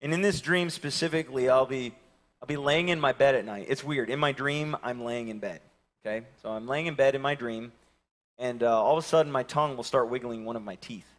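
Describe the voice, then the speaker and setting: A man, preaching a sermon and telling lively personal stories, acting out the voices of the people in them. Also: medium pitch, fairly quick. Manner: animated storytelling, acting out voices. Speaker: pastor. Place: church sanctuary.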